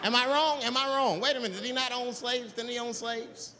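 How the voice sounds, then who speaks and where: A man performing a stand-up comedy routine on stage, talking in an animated way and jumping into loud put-on voices. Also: very high voice, fairly quick. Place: stage in a large hall. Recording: live hall recording, faint ambience.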